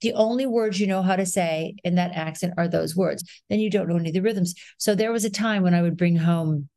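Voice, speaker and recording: A woman in her sixties, an actress, talking as a guest in a podcast interview, telling stories in an animated way and acting out rhythms and sounds. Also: lowish voice, a little fast, no room sound. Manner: animated storyteller, acts out rhythms and voices.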